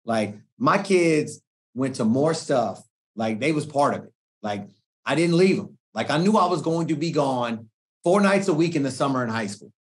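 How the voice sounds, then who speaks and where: A middle-aged man, a guest coach, telling stories in a relaxed podcast chat, slangy and animated, often acting out what people said. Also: mid-range voice, moderate pace. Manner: animated slangy storytelling, acts out quoted speech. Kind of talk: casual podcast conversation.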